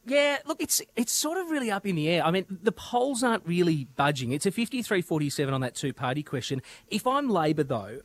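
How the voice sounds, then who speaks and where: A man with an Australian accent, a radio presenter giving animated political commentary with frequent restarts. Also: high-pitched, fairly quick, hardly any pauses.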